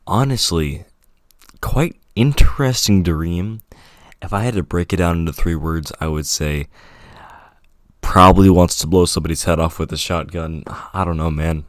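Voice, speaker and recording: A man with a very low voice delivers a casual video outro in a mock-formal, dryly joking way. The recording is dry and close, with no room sound at all. He also drops in cleaned-up stand-ins for curse words. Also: measured pace, dry recording. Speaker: video editor giving the outro.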